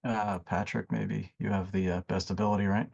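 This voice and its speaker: A man's voice: fairly low pitch, level tone, moderate pace, vocal fry, darkish tone, dull audio. A man playing in a tabletop game, practical and joking in casual chat. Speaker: player.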